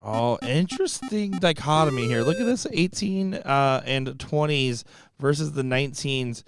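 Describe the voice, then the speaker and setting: A young man doing live darts commentary from a booth, fast-talking and jokey, laughing often. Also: mid-range voice. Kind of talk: live sports commentary with banter.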